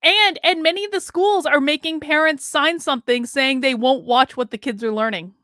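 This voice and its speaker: A woman co-hosting a casual political talk show, agreeable with quick interjections. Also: high voice, sharp tone, no echo, studio quality. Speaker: co-host, state legislator.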